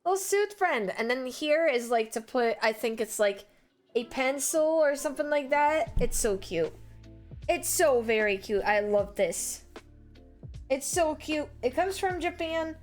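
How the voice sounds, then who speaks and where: A woman streamer, chatting casually with viewers and greeting them with excited squeals. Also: unhurried, faint music behind. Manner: bubbly, greets chat with high excited squeals. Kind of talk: casual live-stream chat.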